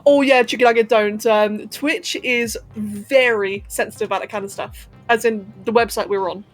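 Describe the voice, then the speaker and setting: A woman from England with a posh London accent, softened by a little Californian, chatting casually and laughing with her chat during a gaming livestream. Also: mid-range voice, steady tone, moderate pace, faint music behind. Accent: posh London English, slightly Californian-tinged. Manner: chatty, giggly, answers chat while playing.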